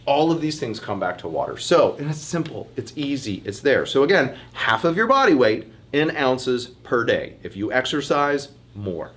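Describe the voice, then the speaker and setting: A chiropractor gives a casual online health workshop, talking to his listeners in a chatty, animated way and calling them "you guys." He has a medium pitch, normal speed, and few pauses.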